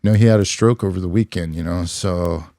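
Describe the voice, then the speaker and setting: Deep, mellow-voiced man recalling his past. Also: no room sound, studio quality. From California, USA. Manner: reflective, unhurried, many "you know" fillers. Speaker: podcast guest, former police officer. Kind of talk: conversational storytelling.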